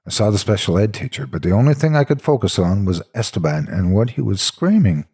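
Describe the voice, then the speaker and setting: A man's voice: lowish voice, very animated, brisk, a little mellow, slightly rough. A man narrating a horror story in the first person, with a dramatic, intense delivery.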